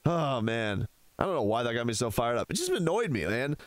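A man's voice: medium pitch, big pitch swings, fairly quick, no echo. A man hosting a sports talk radio show from a studio, ranting with heated sarcasm.

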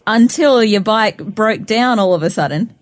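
A woman's voice: mid-range voice, lively intonation, moderate pace. A woman hosting an interview, prompting the guest and recapping his story. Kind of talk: radio interview.

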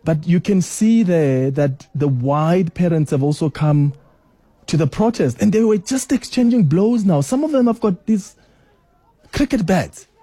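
A South African man hosting a radio talk show, animated and exclaiming often as he reacts and answers listeners. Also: high voice, measured pace, no room sound.

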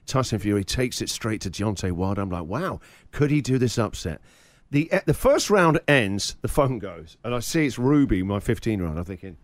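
A man's voice: medium pitch, sing-song, brisk, dry recording. A man in his forties, a radio host, telling an exasperated comic story and acting out the quotes. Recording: radio studio.

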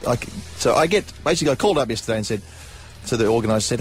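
A man's voice: medium pitch, racing. A middle-aged man with an Australian accent, a radio co-host telling stories and acting out quoted voices. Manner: animated storyteller, acts out quotes. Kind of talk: storytelling on radio. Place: radio studio.

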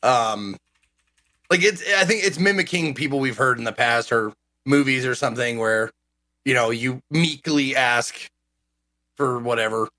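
A man's voice: medium pitch, unhurried, bright, forceful tone. A man co-hosting a casual chat show, rambling with lots of restarts and fillers as he tells stories. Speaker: co-host.

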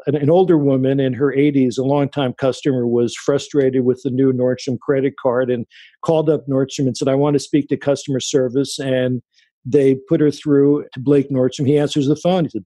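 A man's voice: mid-range voice, no room sound. A man being interviewed as an author, answering at length with stories and quoted remarks. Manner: anecdotal, animated when quoting people.

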